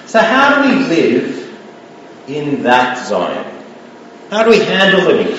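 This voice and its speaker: A man's voice: fairly high pitch, slight background noise. A middle-aged man preaching a sermon as a guest speaker, telling stories in a conversational way and letting phrases trail off. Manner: conversational, animated storytelling with dropping trailing phrases. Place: church. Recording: echoey hall, heard from far off.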